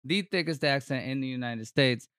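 A man in loose conversation, rambling and joking with lots of fillers and false starts. His voice is smooth and resonant, and it sounds close and dry with no room echo. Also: medium pitch, normal speed, fairly bright tone. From Florida. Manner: rambling, jokey, with frequent fillers and restarts. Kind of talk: casual chat.

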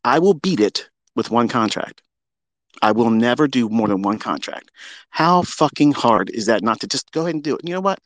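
Cocky trader guy ranting on a livestream, swears a lot, voice jumps way up then drops low, dry close mic. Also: expressive, moderate pace, no room sound. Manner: brash, profane, boastful ranting; swings from loud outbursts to low muttering. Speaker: trading livestream host.

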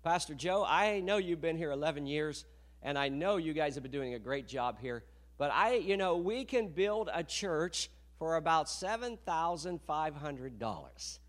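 Lively, high-pitched male preacher. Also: normal speed. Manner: preacherly, rhetorical questions. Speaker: missionary pastor. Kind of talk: fundraising appeal in church. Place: church sanctuary.

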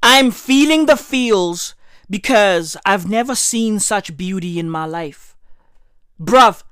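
A woman's voice: medium pitch, expressive, slow pace, a bit bright, clean tone, dry recording, studio quality. Effusive, profane woman in her thirties. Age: 30s. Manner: profane, effusive, heavy slang. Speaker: podcast host. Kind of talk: gushing comic monologue.

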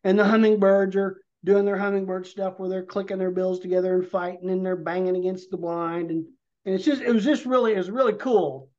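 A man's voice: sits high, fairly even intonation, brisk, darkish tone. A man, a podcast guest, telling a rambling hunting story in vivid detail and a casual way. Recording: dull lo-fi podcast audio.

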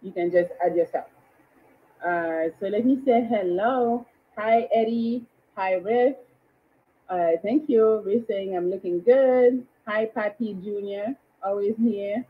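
A woman hosts a live dating show on a livestream, chatting casually and greeting viewers by name. Her voice is medium-pitched and slightly rough, and she talks slowly over lo-fi sound.

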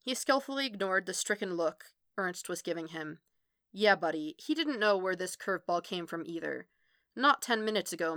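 A woman narrating a fan fiction audiobook with expressive reading that quickens in the tense passages. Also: fairly low pitch, gravelly, dry recording, studio quality. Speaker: podfic reader.

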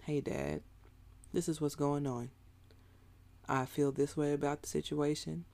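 Male preacher, conversational sermon, slightly high voice with gravelly fry. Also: little pitch movement, a little slow, a little mellow. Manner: casual, conversational preaching with asides to the listeners.

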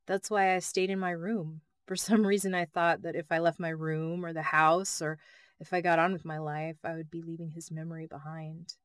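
A calm male mission controller with a smooth, rounded voice, as a woman reads him in an audiobook. He talks softly and soothingly, pitched fairly low. The recording is close and dry. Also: moderate pace, no echo, natural voice. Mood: gentle. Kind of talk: audiobook narration.

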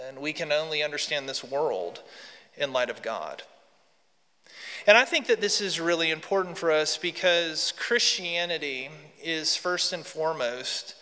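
A man's voice: fairly high pitch, pushed and bright. A man preaching a sermon and leading prayer in a large church, earnest and addressing the congregation directly. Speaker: pastor. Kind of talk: sermon with scripture reading and prayer. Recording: long hall reverb from a church.

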